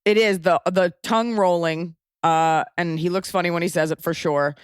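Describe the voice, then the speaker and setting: A woman's voice: fairly low pitch, steady tone, normal speed, clean tone, no room sound, studio quality. A woman hosting a podcast interview, chatting in a playful, gushing way. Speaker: podcast host. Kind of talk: casual interview chat.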